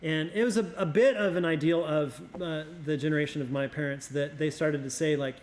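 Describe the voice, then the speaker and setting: A middle-aged man from Oregon, a youth pastor, telling family stories in a casual conversation, reflective and a little halting, often repeating words. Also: fairly high pitch, steady tone, slight background noise.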